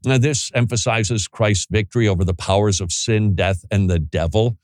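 A man's voice: fairly low pitch, normal speed, no echo, studio quality. A man preaching a sermon in an emphatic way, asking rhetorical questions and acting out short scenes.

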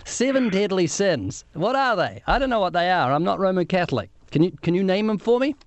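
A man's voice: high voice, big pitch swings, fairly quick, dry recording. A man with a New Zealand accent, questioning a young woman on a phone line with light teasing. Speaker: street evangelist.

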